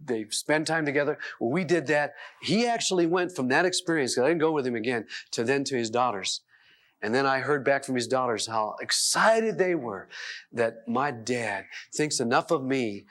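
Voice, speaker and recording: A man telling stories in a self-help talk, animated and chuckling as he voices the people in them. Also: mid-range voice. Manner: chuckles between sentences. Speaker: seminar speaker.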